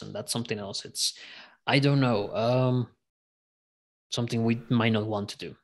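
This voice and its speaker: A man's voice: mid-range voice, steady tone, moderate pace, fairly bright tone. A man player chatting in a tabletop game, hesitant and stammering as he restarts his thoughts. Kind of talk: casual chat in a tabletop game.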